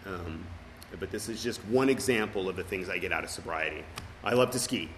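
A man's voice: sits low, brisk, slight background noise, low-quality recording. A middle-aged man sharing his recovery story as personal testimony at a meeting, earnest and full of fillers and restarts.

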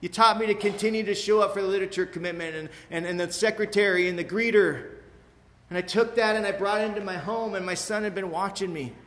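Bright-voiced man sharing his testimony. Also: high-pitched, steady tone, fast. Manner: emotional, rambling, repeats "you know what I mean". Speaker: speaker sharing at a recovery meeting. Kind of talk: personal testimony to a live audience. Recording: echoey hall with faint room noise.

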